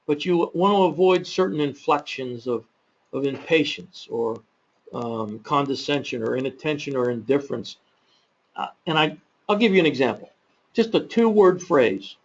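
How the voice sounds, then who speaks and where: A man's voice: fairly high pitch, creaky, husky. Man presenting a training webinar, muffled audio. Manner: measured, practical, with fillers and self-corrections. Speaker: webinar presenter on confrontation management. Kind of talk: instructional webinar talk.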